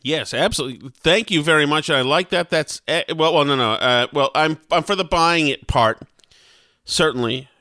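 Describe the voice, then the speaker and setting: A man's voice: on the high side, brisk, few pauses, no echo, clean studio sound. A man co-hosting a radio show who chats casually and jokes with enthusiasm. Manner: animated, enthusiastic, joking. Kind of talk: casual chat.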